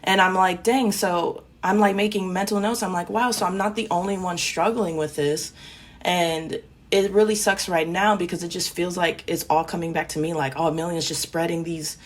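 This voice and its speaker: A woman talking as a guest in a discussion. She hesitates and searches for words, and she fills her pauses with "like". Her voice sits somewhat low. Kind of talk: casual discussion.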